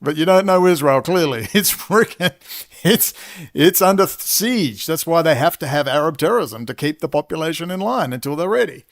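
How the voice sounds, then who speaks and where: A man's voice: on the high side, expressive, moderate pace. A man ranting as a commentator in an angry monologue, swearing and saying he is exhausted. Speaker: political commentator.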